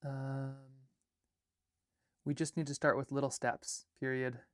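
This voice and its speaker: A man's voice: medium pitch, flat delivery, slow pace, no room sound, studio quality. A young man from Alaska, an artist and filmmaker, chatting casually on a livestream while he rambles through edits and reads chat comments and draft lines aloud.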